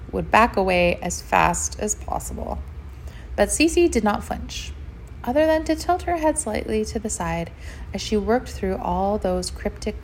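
A woman narrating a children's story in a gentle, expressive way, with chatty asides to the listener. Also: mid-range voice.

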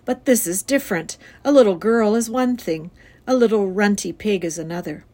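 A woman voicing a gentle, steady farmer father who speaks in a calm, measured way for a storybook reading. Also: mid-range voice, lightly acted.

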